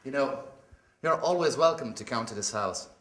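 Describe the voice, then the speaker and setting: Actor as a lively, slow-talking guitar-playing host in a roomy space, guitar behind. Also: mid-range voice, close to an everyday voice. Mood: cheerful. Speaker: friend with a guitar in a teaching drama. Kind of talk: scripted teaching drama.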